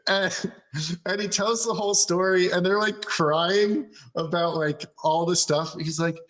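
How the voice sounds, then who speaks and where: A man's voice: high-pitched, takes it slowly, pauses often, fairly bright tone. A man hosting a casual chat show, recapping an anime episode with lots of laughter and swearing, acting out characters' quotes in a raised voice. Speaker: show host.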